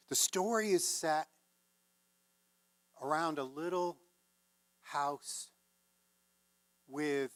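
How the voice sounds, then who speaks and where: Slow-spoken male minister telling a story. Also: a little high. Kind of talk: sermon storytelling.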